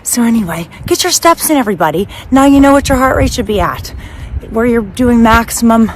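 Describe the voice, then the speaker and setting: A woman's voice: fairly high pitch, animated, a little fast, slight background noise, low-quality recording. A woman in her fifties, a personal trainer, chatting casually to her phone camera in a rambling, upbeat way full of asides. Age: 50s. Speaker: personal trainer and bodybuilder vlogger. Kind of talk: casual vlog chat to camera.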